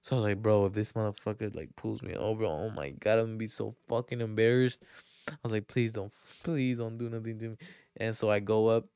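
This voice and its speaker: A young man hosts a casual podcast, spinning loose, profanity-laced stories with a relaxed, self-mocking tone. His voice sits on the low side and comes across smooth and clear. The sound is dry and close, with no room around it. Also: brisk, no room sound. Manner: rambling, profane, filler-heavy; laid-back, self-mocking. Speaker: podcast host.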